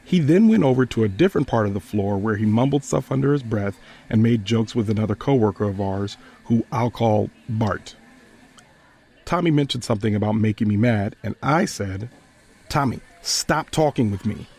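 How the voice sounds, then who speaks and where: A man hosting a podcast, retelling a personal story in a measured, earnest way. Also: lowish voice, animated, vocal fry, mellow, slightly rough.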